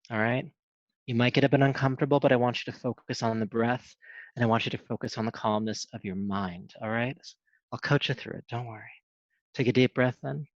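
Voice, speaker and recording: A man teaching a yoga class, giving calm, steady cues with soft hums between poses. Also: medium pitch, dry recording. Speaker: yoga instructor. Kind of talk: guided yoga class instruction. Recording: dull, dry sound.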